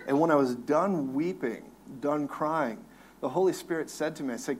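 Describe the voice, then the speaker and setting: A man who is a minister, telling his own story on a talk show, lively and laughing, acting out his crying with big swings in voice. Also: a little high, moderate pace, a little hiss or hum.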